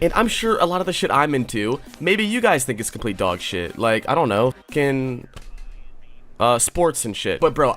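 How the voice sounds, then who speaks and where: A man's voice: mid-range voice, fairly bright tone. A man ranting through casual online commentary, swearing often and mocking his subject with sarcasm. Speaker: commentary YouTuber.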